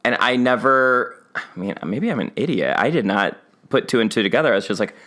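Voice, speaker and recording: Animated young man telling a story. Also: a little fast. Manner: animated storyteller who acts out family members' lines in a high, wavering voice. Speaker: podcast co-host. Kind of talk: casual chat, personal storytelling.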